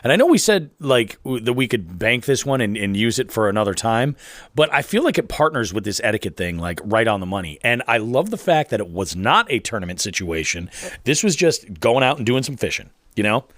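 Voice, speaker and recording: A man's voice: mid-range voice, very animated, fairly quick, a bit bright, no room sound, clean studio sound. A man co-hosting a fishing podcast, telling a story in a rambling way and often stopping to correct himself. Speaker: podcast co-host. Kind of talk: casual podcast chat.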